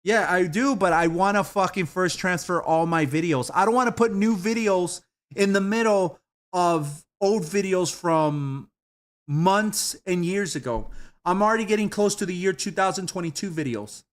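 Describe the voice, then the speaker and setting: A man with a slightly high voice chats on a stream while he browses videos. He giggles often and rambles in a loose, profane way. His talk comes in casual bursts. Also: moderate pace. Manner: giggly, laughs often at what he watches.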